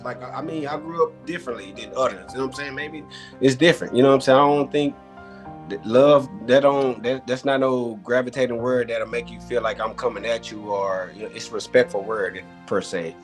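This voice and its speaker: A man's voice: medium pitch, brisk, faint music behind. A man arguing his point in a casual debate, emphatic and rambling, circling back over the same words. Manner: emphatic, rambling, repeats himself. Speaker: debate contestant.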